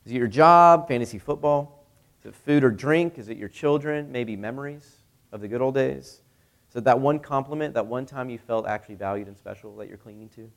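A man's voice: mid-range voice, a little fast, gravelly. A young male pastor giving a sermon in a conversational way, with many rhetorical questions.

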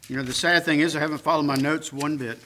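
A man's voice: a little high, steady tone, quick pace, bright, forceful tone, slight background noise. A man preaching a sermon as pastor, conversational with self-deprecating asides, building emphasis through repetition. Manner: emphatic repetition, rising on key phrases.

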